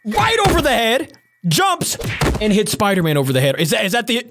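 A gaming reaction host who exclaims excitedly at the action on screen. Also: mid-range voice, fairly quick, noisy background. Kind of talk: reaction video commentary.

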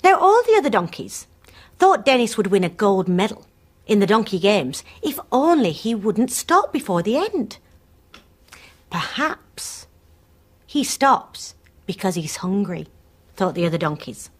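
A woman's voice: medium pitch, sing-song, moderate pace, husky. A woman telling a story to young children on a preschool show, in a sing-song voice that coaxes them to join in.

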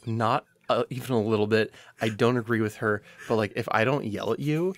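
A man's voice: lowish voice, steady tone, a little fast, a little hiss or hum. A young adult man hosting a podcast, telling a long story in a casual, tipsy way, rambling with lots of fillers and swearing. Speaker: podcast host.

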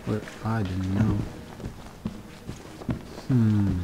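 Slow-talking excitable male gamer. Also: lowish voice, background noise. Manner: excitable, jumpy, swears at scares. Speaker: gaming channel host. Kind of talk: let's play commentary.

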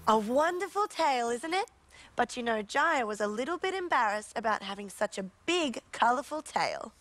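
A woman's voice: a little high, expressive, normal speed, faint music behind. Woman telling a children's story. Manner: warm, playful and inviting toward young viewers. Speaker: storyteller and presenter.

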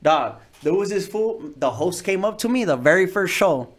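With a high voice, lively intonation and a moderate pace, a Californian comedian guest spins stories on a podcast in casual, slangy, profane talk. He has a Chicano English accent, does voices for the characters, and curses often in his streetwise delivery.

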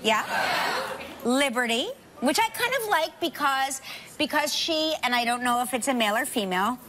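A woman talk show host chatting casually and telling stories in an animated way before a live studio audience. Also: high voice, normal speed, noisy background. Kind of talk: casual chat.

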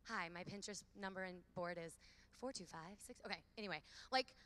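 A woman in her thirties giving a lively faith talk to a large hall of women, with call-and-response. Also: fairly low pitch, a little fast. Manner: lively, preachy, calls for audience repeats. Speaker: conference speaker.

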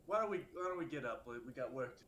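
A man playing his character in a tabletop game, friendly and hesitant, often pausing on fillers. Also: mid-range voice, expressive, fairly bright tone. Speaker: player. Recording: echoey room with faint noise.

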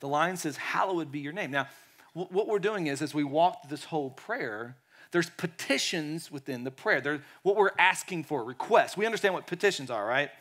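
Man, pastor, sermon, fairly high voice, animated, acts out quotes. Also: moderate pace. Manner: animated preaching, drops to quiet tones, acts out quotes.

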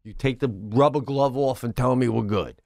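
A man's voice: mid-range voice, normal speed, creaky, a little mellow, dry recording. A man co-hosting a podcast in casual chat, ranting emphatically and incredulously, swearing and laughing. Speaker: podcast co-host.

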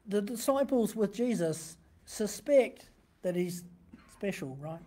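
Mellow-voiced preacher asking rhetorical questions. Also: medium pitch, expressive, takes it slowly. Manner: asks the listeners frequent rhetorical questions; conversational teaching from a printed text. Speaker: pastor. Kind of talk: sermon.

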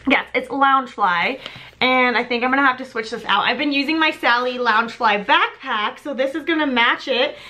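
A young woman recording a casual unboxing vlog, excitable and chatty, with lots of ums and little gasps. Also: sits high, normal speed, a little hiss or hum. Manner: bubbly and excitable, many ums. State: slightly out of breath. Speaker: vlogger.

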